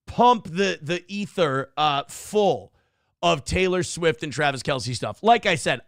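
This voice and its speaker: A man's voice: on the high side, creaky, fairly bright tone, no room sound, studio quality. A man hosting a talk show, talking casually with crude, sarcastic, mocking jabs. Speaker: show host. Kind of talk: casual profane commentary.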